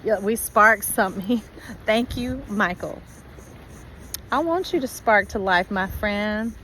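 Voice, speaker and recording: A woman giving a spiritual tarot reading to her viewers, animated and playfully acting out their voices. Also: medium pitch, slow, slight background noise, poor audio. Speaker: tarot reader.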